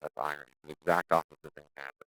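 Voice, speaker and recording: Deep-voiced male pastor teaching a class. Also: quick pace, dry recording, poor audio. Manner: lively, acts out quoted speech in exaggerated voices; direct, conversational, with frequent restarts.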